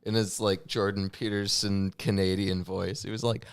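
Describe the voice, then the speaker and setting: A man's voice: lowish voice, little pitch movement, moderate pace, smooth, dry recording. A man co-hosting a casual chat show, reading old scripture aloud between dry asides. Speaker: co-host.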